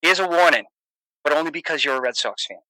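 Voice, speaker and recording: A man doing a loud, swearing Boston driver with a thick Boston accent. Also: fairly high pitch, fast talker, dry recording, poor audio. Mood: exasperated. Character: loud brash male Boston driver, cursing.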